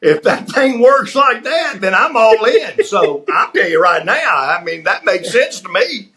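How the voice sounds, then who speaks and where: A male co-host who jokes and repeats himself. His voice is high and bright, and its pitch bounces around a lot. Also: expressive, measured pace. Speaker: co-host, attorney. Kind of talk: casual chat.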